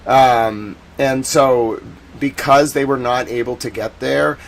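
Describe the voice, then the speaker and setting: A man's voice: medium pitch, steady tone, slow, vocal fry. Rambling American man hosting a live stream. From United States. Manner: rambling, chatty, slangy, with bursts of loud indignation. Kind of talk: casual live-stream commentary.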